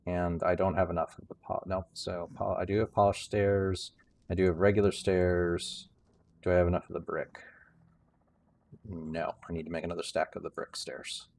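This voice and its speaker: A man's voice: deep voice, little pitch movement, moderate pace, vocal fry, darkish tone, a little hiss or hum. A man livestreaming a building game, rambling casually with many restarts and some dry sarcasm.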